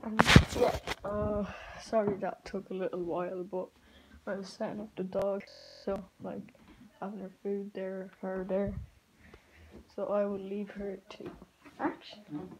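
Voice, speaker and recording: A woman's voice: medium pitch, little pitch movement, a little slow. A woman chatting casually to her viewers in a vlog, rambling and saying "like" a lot. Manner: rambling, says "like" often. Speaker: vlogger. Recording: loud background noise.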